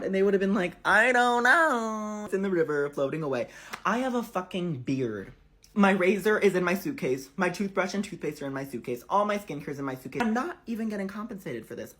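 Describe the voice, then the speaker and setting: A man telling a storytime vlog, sassy and exasperated, swearing freely. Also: a little high. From United States. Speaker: vlogger.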